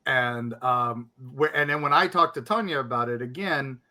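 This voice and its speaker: A man's voice: medium pitch, moderate pace, sharp tone. A man co-hosting a podcast, chatting casually and animatedly, acting out other people's reactions as he tells a story.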